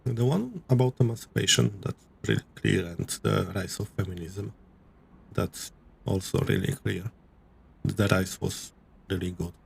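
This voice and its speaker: Male streamer, gravelly husky voice, rambling game chatter. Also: low voice. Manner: rambling, halting restarts. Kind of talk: live game stream commentary.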